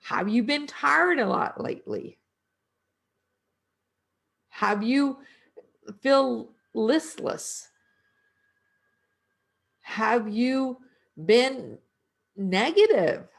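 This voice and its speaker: A middle-aged woman energy worker, her voice a little high, animated and creaky, muses slowly in a casual spiritual talk. She addresses her audience with rhetorical questions.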